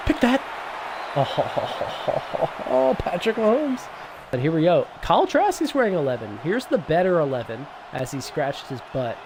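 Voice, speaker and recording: A young man giving casual, excitable commentary over a football video game, swinging between hype and grumbling. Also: fairly high pitch, creaky. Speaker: gaming YouTuber. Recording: noisy background.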